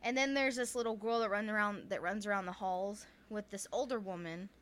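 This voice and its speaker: This podcast co-host has a Southern US accent and a medium-pitched, brisk, slightly bright voice with a steady tone. She casually relays ghost stories, chatting away with lots of "like" fillers and plenty of laughter.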